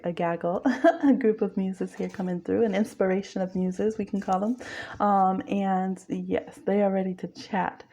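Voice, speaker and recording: A woman giving a casual spoken tarot reading, chatty and quick, who laughs often. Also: on the low side, dark tone. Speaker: tarot reader.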